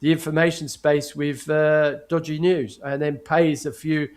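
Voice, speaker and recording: A middle-aged man chatting as a guest, his voice sitting somewhat high. He tells his stories with energy, jumping into the voices of the people he quotes and laughing along. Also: little pitch movement, unhurried, darkish tone. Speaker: guest, former prisoner of war. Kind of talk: casual chat, storytelling.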